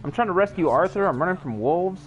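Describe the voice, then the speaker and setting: A man's voice: high-pitched, lively intonation, fast talker, lo-fi sound. A young man commenting casually while playing a video game, joking and swearing often. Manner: profane, joking. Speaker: gamer. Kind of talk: casual let's play commentary.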